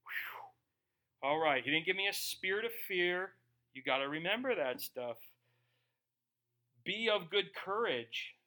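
Bright, high-voiced man preaching. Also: animated. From Germany. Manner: reads scripture slowly, then talks casually with asides. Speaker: pastor. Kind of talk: sermon.

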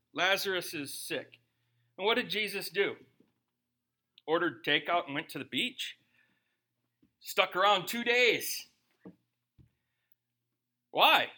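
A man's voice: on the high side, pushed and bright. A man pastor preaching a sermon with humor and rhetorical questions.

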